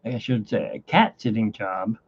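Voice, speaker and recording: Gravelly man rambling, lo-fi mic. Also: normal speed. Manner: rambling and animated, pitch jumping up when excited. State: has hiccups. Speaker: artist and channel host. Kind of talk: casual chat while drawing. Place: home. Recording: dull lo-fi home recording.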